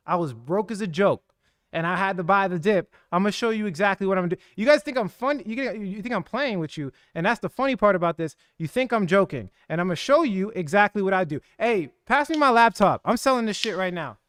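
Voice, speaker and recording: A man hosts a livestream in a fast, hyped, slangy rush. His voice sits high and comes across smooth and clear. The sound is dry and close, with no room echo. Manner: energetic, slangy, hype-driven. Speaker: crypto livestream host. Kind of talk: casual hyped livestream talk.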